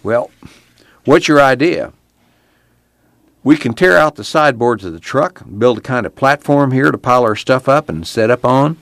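A man's voice: medium pitch, animated, normal speed, a bit bright, no room sound, clean studio sound, pitched above the performer's own voice. A man voicing a blunt, practical young man in an audiobook reading. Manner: curt, matter-of-fact.

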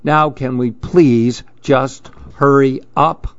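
A man voicing a fussy, busy male pigeon in a storybook reading, talking in brisk, impatient huffs. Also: mid-range voice, steady tone, dry recording, dull audio. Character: fussy, huffy male pigeon, always rushing. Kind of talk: storybook read-aloud.

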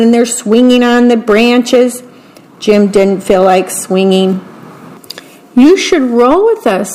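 A woman's voice: medium pitch, darkish tone, rough recording. A woman reading children's picture books aloud, patiently describing each picture as she goes. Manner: slow, plain and patient, pointing out the pictures. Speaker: story reader.

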